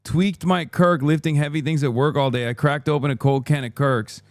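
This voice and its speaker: A man's voice: on the high side, fairly even intonation, moderate pace, no room sound, studio quality. A man live-streaming, chatting casually and swearing as he reacts to chat. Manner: profane, chatty, reads chat aloud.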